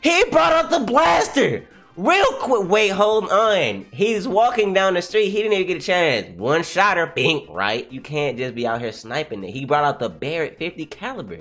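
A man's voice: normal speed, few pauses, soft background music. Hyped guy reading a comic live, cusses and laughs a lot, voice bouncing up and down. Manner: excitable, profane, laughs a lot, jumps between high and low voices. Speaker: comic reaction streamer.

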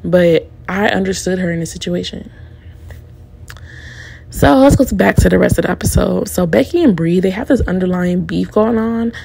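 A woman's voice: lowish voice, normal speed, creaky, a little mellow, slight background noise. A woman in her twenties giving a casual, opinionated recap of a reality show, talking candidly and in slang straight to her viewers.

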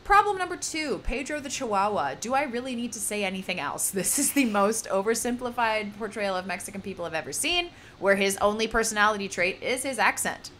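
A woman's voice: mid-range voice, animated, fairly quick, hardly any pauses, fairly bright tone, slight background noise. A woman co-hosting a casual podcast discussion, talking emphatically and often saying "like" and "you know.". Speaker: podcast co-host.

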